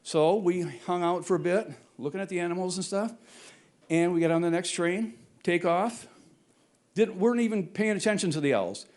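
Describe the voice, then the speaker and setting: A man's voice: high-pitched, normal speed, a little mellow. An older man telling a true story on stage in a rambling, self-correcting way, often chuckling as he goes. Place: stage at a brewery before an audience.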